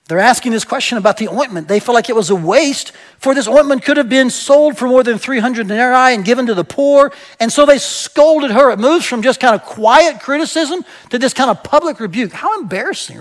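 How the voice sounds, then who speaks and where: A man preaching a sermon as pastor, speaking conversationally to his church and often checking in with the congregation. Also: high-pitched. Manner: conversational, asks the congregation "right?"; explains with everyday examples and some hesitations.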